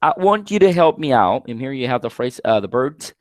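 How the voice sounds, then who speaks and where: Spanish-speaking guy teaching english grammar over a video call, dry close sound, repeats examples slow. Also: medium pitch, big pitch swings, dry recording. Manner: repeats example sentences slowly, asks class questions. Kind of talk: live online class lecture.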